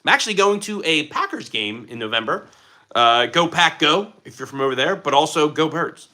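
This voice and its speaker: A man in his twenties with a light Philadelphia accent, hosting a casual livestream and chatting with viewers in an excitable, jokey way. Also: fairly high pitch, a little fast. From Philadelphia, USA. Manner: excitable, animated, jokey, drops into playful voices. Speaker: livestream host. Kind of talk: casual live chat reading viewer comments.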